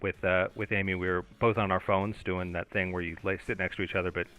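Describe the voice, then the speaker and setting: A man's voice: low voice, little pitch movement, fast, muffled recording. A man co-hosting a podcast in casual chat, wry and dry-humored, often restarting his phrases. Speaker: podcast co-host.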